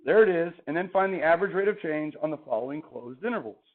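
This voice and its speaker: A man's voice: fairly high pitch, lively intonation, fast. Chatty male math teacher, tinny recording. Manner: chatty, asks the class questions. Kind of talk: classroom lecture. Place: classroom. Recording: tinny phone-like classroom recording.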